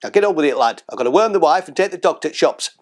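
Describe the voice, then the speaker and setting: A man's voice: on the high side, expressive, fast. A stubborn, bossy Yorkshire old-timer, as a man puts him on, blunt and grumbling, his voice jumping up and down. He barks short orders in a sketch-comedy scene. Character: gruff old northern English patriot, stubborn.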